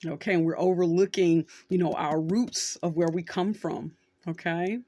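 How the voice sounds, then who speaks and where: A woman's voice: fairly low pitch, steady tone, moderate pace, mellow, no echo. Storytelling middle-aged woman host. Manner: conversational, storytelling with acted quotes. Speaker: social worker and channel host. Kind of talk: casual talk to camera.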